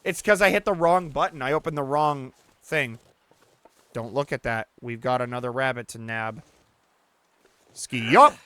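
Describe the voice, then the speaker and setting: Male let's-play host, casual commentary, excitable and profane, with a dry, close sound. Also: on the high side, normal speed, smooth, no room sound. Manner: excitable, swears and shouts at misses; talks to the player character and the audience.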